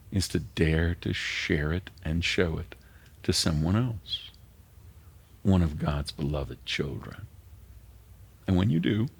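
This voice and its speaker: An older male pastor delivers a heartfelt sermon. His voice sits very low and is rough with fry and a husky edge. At key moments he lowers it to a soft, earnest near-whisper. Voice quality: gravelly, husky voice.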